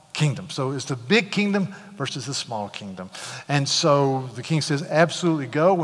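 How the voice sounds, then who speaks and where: A man preaching a sermon in a church, retelling a scripture story in an animated way with casual asides. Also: a little high. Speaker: pastor. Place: church sanctuary. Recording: long hall reverb.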